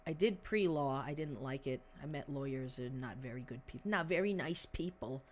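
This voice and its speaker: A woman's voice: very deep voice, moderate pace. A woman in her twenties chatting on a livestream. She rambles bluntly, swears, and makes sarcastic asides while searching for things aloud. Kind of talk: casual livestream chat.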